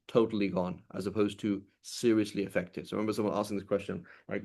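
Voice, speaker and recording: Speaking in a lowish, slightly mellow voice with vocal fry and little pitch variation, a man works through a classical legal text. He rattles off passages quickly and then unpacks them casually, restarting often.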